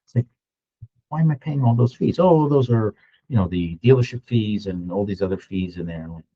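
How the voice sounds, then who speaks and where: A man in his sixties telling a story in a casual, animated way, acting out other people's lines as he goes. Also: lowish voice, fairly quick, slightly rough, dull audio. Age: 60s. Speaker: real estate agent. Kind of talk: storytelling vlog.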